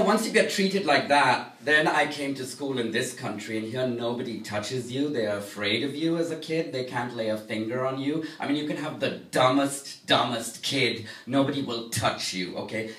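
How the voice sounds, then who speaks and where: Brash man from India, echoey room. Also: mid-range voice. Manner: loud, brash punchlines. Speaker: stand-up comedian. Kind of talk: stand-up comedy. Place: workout room. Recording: echoey room from a distant mic.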